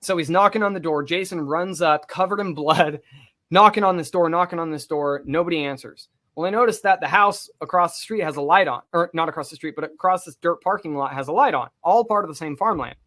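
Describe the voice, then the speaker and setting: A man, a podcast co-host, telling a long personal story in casual talk, animated and swearing freely. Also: a little high, a little fast.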